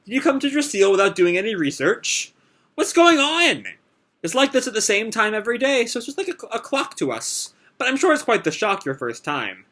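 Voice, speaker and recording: Man playing chatty old lady, gentle, reassuring, high bright voice. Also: very animated, fairly quick, exaggerated voice. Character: kindly old townswoman, calm and chatty.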